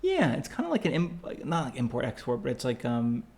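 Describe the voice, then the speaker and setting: A man's voice: mid-range voice, huge pitch swings, a little fast, darkish tone. A man co-hosting a podcast, chatting casually about travel, rambling with lots of fillers and restarts. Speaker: podcast co-host.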